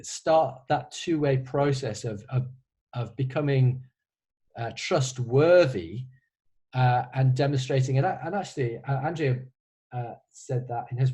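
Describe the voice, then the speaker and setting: Man, composer, video call Q&A, warm dark tone, halting restarts, dry humor. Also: mid-range voice, breathy edge, poor audio. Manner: hesitant, many restarts and fillers, wry. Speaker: composer answering student questions. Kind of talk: casual online Q&A.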